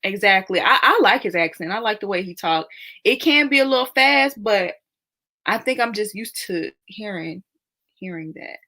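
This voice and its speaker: A woman's voice: mid-range voice, expressive, moderate pace, bright, forceful tone. A young woman hosting a casual live stream, chatting and reacting to viewer comments with frequent laughter.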